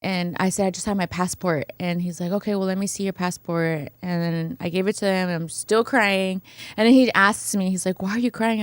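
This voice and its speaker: This podcast guest speaks at medium pitch and a fairly quick pace, her voice smooth with no echo. She's a woman relating something that happened to her in a relaxed, lively way, voicing the people in the story and tossing in "right?" again and again.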